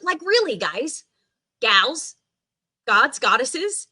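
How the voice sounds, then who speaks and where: A woman with a bright, forceful voice that sits a little high leads a guided tapping meditation. She coaxes and directs her listeners, breaking her lines with audible sighing deep breaths. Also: sing-song, a little slow, husky. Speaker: tapping session leader.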